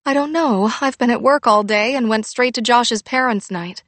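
A doting middle-aged mother, put on by a woman reading an audiobook, pitched clearly higher and louder than the narration. She sounds fond and a little fussy, and the recording stays dry. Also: normal speed, no echo, natural voice.

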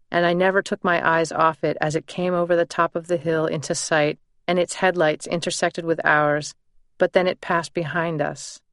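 A woman narrating her own memoir in a measured, deliberate first-person reading. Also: on the low side, fairly bright tone, no room sound, studio quality.

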